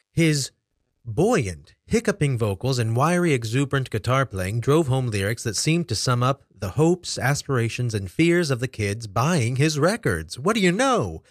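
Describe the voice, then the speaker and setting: A man's voice: medium pitch, no room sound, clean studio sound. Playful man hosting a music countdown. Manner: playful, jokey asides. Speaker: music show host. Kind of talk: casual music commentary.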